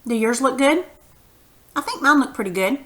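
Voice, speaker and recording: Woman teacher doing a kids punctuation lesson, patient, encouraging, bright kinda high voice. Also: lively intonation, normal speed. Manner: patient and encouraging, exaggerating sentences for emphasis.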